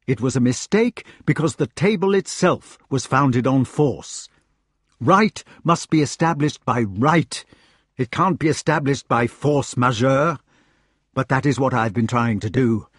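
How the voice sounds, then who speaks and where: An anguished old king, as a male narrator voices him, speaks in urgent, pleading bursts. The voice sits high and loud, husky and close with no room around it. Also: dry recording. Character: anguished aging male king, agitated and remorseful.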